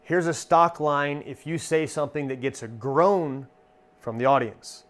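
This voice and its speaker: A stage entertainer and magician giving an instructional talk in a relaxed, conversational way, acting out comic one-liners as examples. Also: male voice, on the high side, a little slow.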